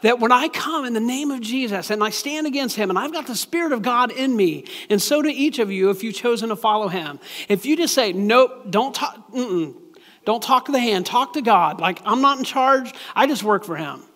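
High-voiced preacher in a reverberant hall. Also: male voice, lively intonation, brisk, few pauses, fairly bright tone. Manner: conversational, restarts and repeats words, chuckles at his own jokes. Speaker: pastor. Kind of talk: sermon.

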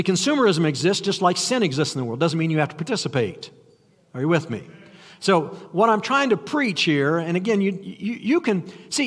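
Older male preacher, high voice, chatty, self-deprecating sermon delivery, long hall reverb. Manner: conversational, self-deprecating, frequent restarts and rhetorical questions.

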